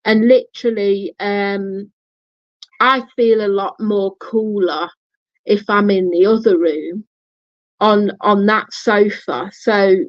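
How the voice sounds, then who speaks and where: A woman's voice: mid-range voice, fairly even intonation, slow pace, dry recording. A woman vlogger telling a personal story casually, blunt and swearing, often restarting her sentences. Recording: dull lo-fi, dry sound.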